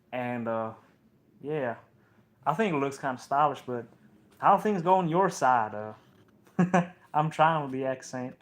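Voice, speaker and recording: A man putting on an attempted Texas accent in a playful, drawn-out way while leaning on a couch in a lounge. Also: on the high side, voice pushed up. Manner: playful, drawn-out, laughing asides. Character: young man putting on a loud Texas drawl.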